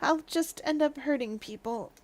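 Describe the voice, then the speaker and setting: A woman's voice: very high-pitched, lively intonation, slow, pushed and bright, pitched above the performer's own voice, heavily acted. A woman voicing a timid, guilt-ridden man who stammers nervously, reading game dialogue aloud. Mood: apologetic.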